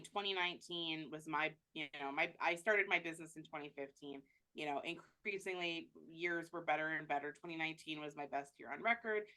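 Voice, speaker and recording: Low-voiced chatty woman travel agent. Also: sharp tone. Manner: chatty, many fillers and restarts. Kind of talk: casual interview answers.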